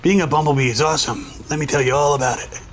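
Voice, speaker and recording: A man's voice: a little high, fairly even intonation, quick pace, a little hiss or hum, close to an everyday voice. A man voicing a laid-back young male robot toy who chats casually and brags a little. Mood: boastful. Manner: casual, boastful chatter.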